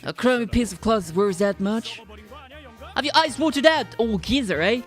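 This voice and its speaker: A woman voicing a gruff, greedy old male pawnbroker who mocks his customers and tags lines with "eh" while reading a game's story aloud. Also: fairly high pitch, animated, soft background music, lightly acted. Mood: scornful. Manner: gruff, mocking, drawn-out "eh".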